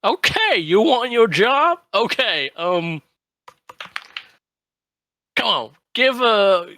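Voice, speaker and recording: A man playing a brash, smooth-talking man who runs a shady business, pitching like a salesman with loud bursts. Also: big pitch swings, drawn-out words, no room sound, heavily acted.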